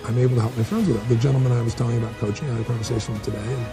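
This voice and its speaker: In a candid interview, a motivational speaker talks at a racing pace in a steady, mid-range voice, with music behind him. He's blunt, tells lots of stories and acts out quotes.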